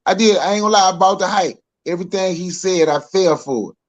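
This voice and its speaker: A man's voice: sits high, quick pace, poor audio. A Southern American man from Mississippi chats casually on a podcast, calling in by phone. He laughs easily and often, chuckling between his points. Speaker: guest.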